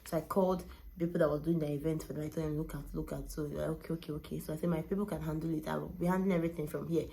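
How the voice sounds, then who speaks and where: Low, gravelly-voiced woman vlogger. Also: steady tone, very fast, dark tone, a little hiss or hum. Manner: candid, emotional, retelling with quoted dialogue. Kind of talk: personal storytelling to camera.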